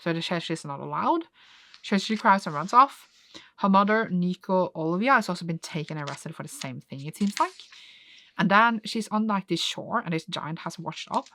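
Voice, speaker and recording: A woman vlogger reacting casually as she reads a manga aloud, excitable and gushing, with lots of "like" fillers. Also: lowish voice, brisk, a little hiss or hum. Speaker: reading vlogger.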